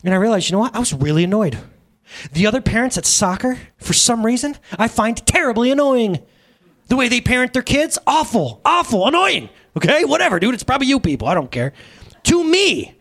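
Lively, high-voiced joking pastor man. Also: fairly quick. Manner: animated, jokey storytelling with asides to the congregation. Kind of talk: casual humorous sermon. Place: church service.

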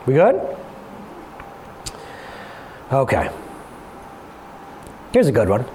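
A man in his thirties preaching a sermon in a conversational way, with jokey asides and quick self-corrections. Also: medium pitch, huge pitch swings, mellow, slight background noise. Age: 30s.

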